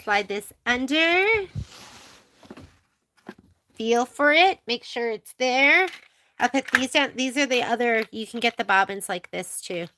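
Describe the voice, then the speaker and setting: Chatty woman demoing embroidery, high voice. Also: animated, unhurried, long pauses, pushed and bright, slight background noise. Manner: chatty, thinking aloud as she works. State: coughing at times. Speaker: sewing shop demonstrator. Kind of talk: live machine embroidery demo. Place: sewing shop.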